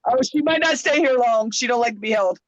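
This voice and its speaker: High-voiced woman on a dry mic. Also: a little fast, dry recording, lo-fi sound. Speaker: panel guest. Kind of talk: live stream panel chat.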